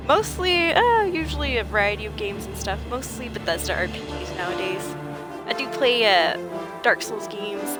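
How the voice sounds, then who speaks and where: A woman game streamer chatting casually with her viewers, greeting them by name and laughing often. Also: mid-range voice. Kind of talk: casual livestream chat. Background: game music.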